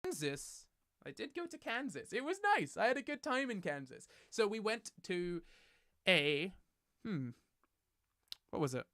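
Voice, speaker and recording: Bright, high-voiced young man chatting. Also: sing-song, a little slow, pauses often, dry recording, clean studio sound. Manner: rambling, chatty, self-correcting with light laughs. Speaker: streamer. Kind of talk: casual livestream chat. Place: at his desk at home. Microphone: desk microphone.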